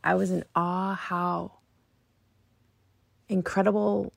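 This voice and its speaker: A woman's voice: on the low side, level tone, a little slow, vocal fry, a little mellow, dry recording. A young woman sharing a painful personal story in an emotional, confessional way, often dropping to a whisper.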